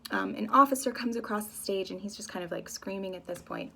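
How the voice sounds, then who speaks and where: A woman's voice: mid-range voice, a little fast, vocal fry, hardly any pauses, pushed and bright. A woman teacher explaining a play scene by scene in a casual, chatty way.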